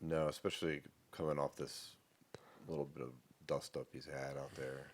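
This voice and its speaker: Male podcast co-host, extremely low voice, relaxed and profane chat. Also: moderate pace. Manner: swears freely, laid-back and talkative. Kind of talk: casual chat.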